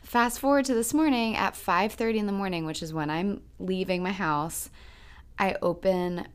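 A woman's voice: mid-range voice, normal speed, clear, resonant tone. A woman co-hosting a podcast, telling a personal story in an earnest, reflective casual chat. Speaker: podcast co-host.

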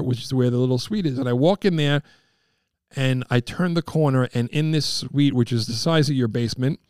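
A middle-aged man from Long Island telling stories in a casual chat, excitable and quick to put on high voices for the people in his tales. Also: no room sound, clean studio sound. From Long Island, New York. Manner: excitable, jumps into high-pitched impressions of people.

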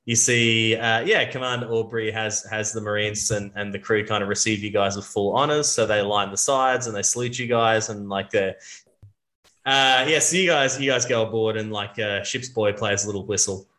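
A man's voice: fairly low pitch, fairly even intonation, normal speed, bright, forceful tone, roomy sound. A man narrating as game master of a tabletop role-playing game, with many fillers and restarts.

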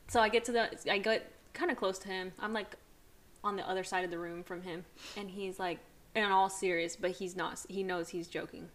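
A woman's voice: mid-range voice, fairly even intonation, normal speed, a bit bright. A young woman co-hosting a podcast in casual chat, telling stories with dramatic retellings and swearing freely. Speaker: podcast co-host.

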